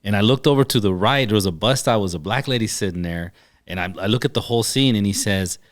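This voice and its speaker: Animated man telling stories on a podcast. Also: lowish voice, quick pace. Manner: animated storyteller, acts out dialogue. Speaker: podcast guest, chiropractor. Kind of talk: casual storytelling.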